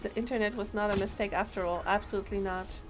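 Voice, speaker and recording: A woman streamer giving live gameplay commentary, reacting with excited laughter and disbelief. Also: medium pitch, quick pace, music in the background.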